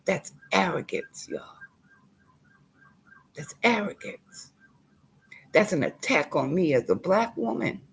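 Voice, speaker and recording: A woman's voice: lowish voice, expressive, slow, gravelly, pauses often, husky. A woman making an impassioned, preachy appeal straight to her viewers, calling them y'all and sometimes dropping to a whisper. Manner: drops to a whisper at times. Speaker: tenant speaking out. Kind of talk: impassioned direct-to-camera appeal.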